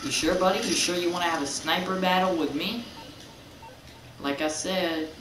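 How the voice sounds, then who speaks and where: A man giving casual, excitable gameplay commentary, rambling and repeating his exclamations as he plays. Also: high-pitched, moderate pace. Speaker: gaming channel host. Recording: roomy, distant mic, noisy.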